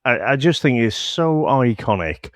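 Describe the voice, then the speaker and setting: A man in casual film review chat, reflecting in a measured way as a podcast co-host. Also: mid-range voice, big pitch swings, no room sound, studio quality.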